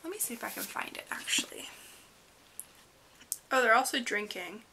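A woman's voice: on the high side, lively intonation, moderate pace, vocal fry, bright, forceful tone, a little hiss or hum. A young woman casually retelling a book's plot. She rambles and says "like" a lot, laughing now and then. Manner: chatty, rambling, heavy use of "like"; laughs often while talking. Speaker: book vlogger. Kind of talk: casual book recap.

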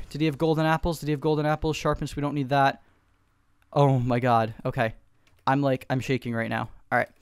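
A man giving fast, excitable gameplay commentary from home, repeating short calls in quick bursts. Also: mid-range voice, clean tone, no echo. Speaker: gaming YouTuber. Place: home room.

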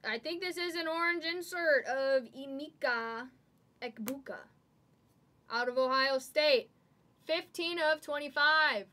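A woman hosting a live trading card break, excitedly calling out each card as she pulls it. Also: sits high. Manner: excitable, calls out cards rapidly.

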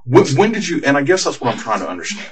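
A man's voice: medium pitch, sing-song, rapid-fire, slight background noise. A man questioning a suspect as a police detective, patient and probing, repeating questions to pin down details. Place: police interview room. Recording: distant mic in an interview room.

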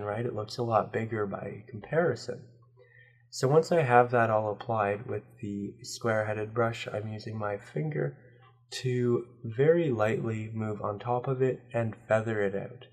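Sick-sounding man narrating a painting tutorial. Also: lowish voice. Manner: calm, explanatory, step-by-step. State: sick, hoarse voice. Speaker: painting instructor. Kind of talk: real-time tutorial narration.

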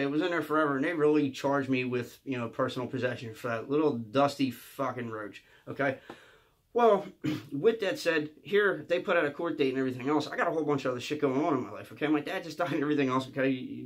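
Man, rapid talk, rambling profane storytelling, mid-pitch. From Philadelphia area. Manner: rambling, profane, tags lines with "okay?". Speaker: comedian. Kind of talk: storytime monologue.

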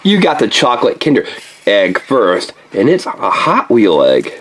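Brief: woman unboxing toys, very deep voice, lively sing-song delivery, playful pirate talk with a kid. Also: unhurried, a little hiss or hum. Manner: playful, talks to a child helper, throws in pirate growls. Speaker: toy unboxing host. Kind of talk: playful toy unboxing for kids.

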